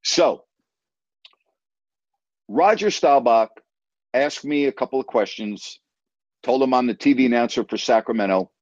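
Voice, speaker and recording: A man from New York spins an animated sports anecdote and acts out each line of dialogue. His voice sits at a middle pitch. The sound is dry and a little dull. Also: measured pace, pauses often, no echo. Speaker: TV sports announcer. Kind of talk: casual storytelling chat.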